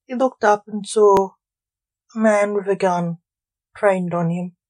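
A woman narrating a story aloud in a measured, plain reading voice. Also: mid-range voice, steady tone, a little mellow, no room sound, low-quality recording.

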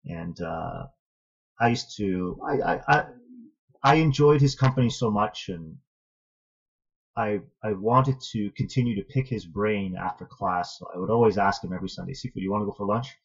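A man guest telling a personal story in an earnest, thoughtful, measured way. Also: lowish voice, animated, creaky, breathy edge. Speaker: interview guest, martial arts student. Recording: dull lo-fi audio.

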